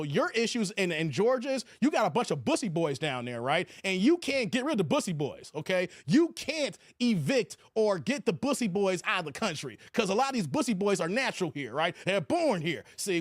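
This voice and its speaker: A man's voice: high voice, fairly quick, hardly any pauses, no echo, clean studio sound. A man hosting a live stream, talking casually, reading chat aloud and swearing freely. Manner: animated, swears, slangy. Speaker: live-stream commentary host. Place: New York area.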